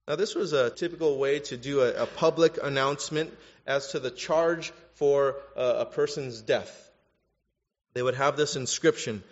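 A man preaching a sermon as a pastor, growing animated and louder to stress his points. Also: normal speed. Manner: animated, rises in pitch and volume for emphasis. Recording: dull lo-fi sound with long hall reverb.

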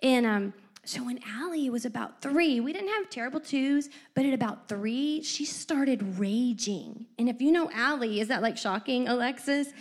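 A middle-aged woman co-hosting a faith-based parenting chat, telling stories with lively asides. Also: a little high, normal speed. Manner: animated storyteller with lively asides.

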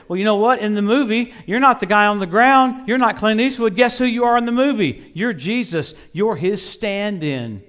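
A middle-aged man preaching a sermon, telling stories with lively swings between loud bursts and low murmurs, laughing often. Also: fairly quick, hardly any pauses. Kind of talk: sermon with storytelling.

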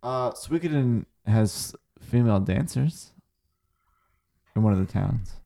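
A man's voice: mid-range voice, animated, slow pace, gravelly, dark tone. A tipsy man co-hosting a casual podcast chat, rambling and swearing freely as he talks about games. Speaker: podcast co-host.

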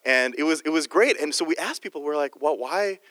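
A man's voice: a little high, lively intonation, fast talker, bright, forceful tone, no room sound, in a large hall. A man preaching a sermon in a jokey, conversational way, often restarting his sentences. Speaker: guest preacher.

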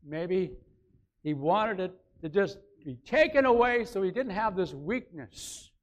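A man's voice: high-pitched, sing-song, measured pace. A man preaching a conversational sermon, repeating phrases and rising to emphatic peaks. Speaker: pastor.

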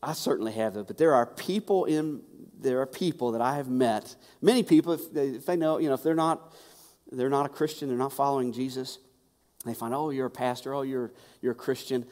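A man's voice: mid-range voice, fairly quick, a little mellow. A male pastor preaching a sermon in a conversational way, often repeating words for emphasis. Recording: long hall reverb.

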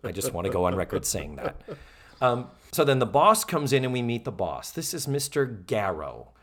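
Male podcast co-host, casual, expressive, mid pitch, swears casually. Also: fairly quick. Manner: animated, swears freely, acts out quoted lines. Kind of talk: casual chat recapping a sitcom episode.

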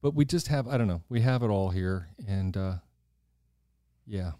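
A man hosting a podcast, telling stories in a gushing, animated casual chat. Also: low-pitched, normal speed, dry recording, studio quality. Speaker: podcast host.

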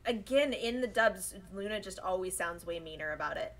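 A woman co-hosting a podcast, chatting casually and animatedly as she recaps an episode, slipping into quick voices for the characters. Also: lowish voice, animated, low-quality recording. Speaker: podcast co-host.

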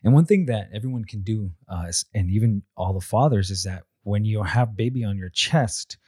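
A young father with a deep, low voice talks in a measured, unhurried way. He often repeats a word as he gathers his thoughts. The sound is close and dry, with no room around it. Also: a little mellow, breathy edge, no echo. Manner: measured, repeats words as he thinks. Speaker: father sharing parenting traditions. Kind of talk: reflective talk.

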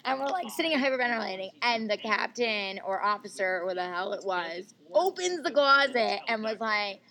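A woman's voice: medium pitch, expressive, moderate pace, pushed and bright, poor audio. A young woman co-hosting a podcast, telling a wild story in a casual, giggly way with lots of fillers, recorded at a birthday barbecue. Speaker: podcast co-host.

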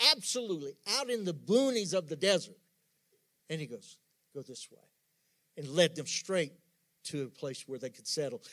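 A man delivering a sermon from the pulpit, his voice pitched a little above the usual. He preaches with emphasis, climbing into loud bursts and then falling back to soft, almost hushed asides. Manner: emphatic preaching with sudden soft drops and rising outbursts. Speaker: pastor.

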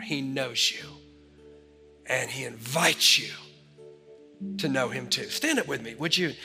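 A man preaching a sermon to a congregation, telling a story with animated delivery and then leading a prayer. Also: medium pitch, measured pace, pauses often. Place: church sanctuary. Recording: large hall reverb with faint music.

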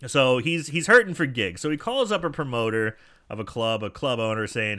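A man's voice: medium pitch, expressive, a little fast, pushed and bright. A man on a podcast casually recapping a movie scene by scene, swearing freely and often laughing. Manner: laughing, profane, retells scenes with put-on voices. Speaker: podcast co-host.

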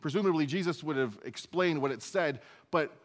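A man's voice: fairly high pitch, expressive, moderate pace. Conversational male pastor in a reverberant hall. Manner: conversational, self-deprecating asides. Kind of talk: sermon, verse-by-verse teaching.

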